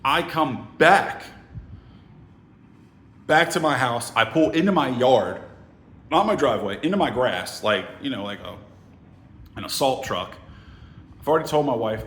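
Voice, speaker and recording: Animated, profane man telling a story. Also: medium pitch, unhurried, long pauses, roomy sound, slight background noise. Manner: animated, profane, acts out other voices. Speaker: sales trainer telling a story. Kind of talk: casual storytelling.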